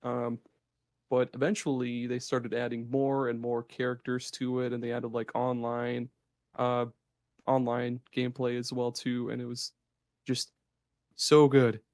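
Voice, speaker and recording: A man co-hosting a podcast in casual chat, excited and swearing freely as he rambles. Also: mid-range voice, a little slow, dry recording, clean studio sound. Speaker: podcast co-host.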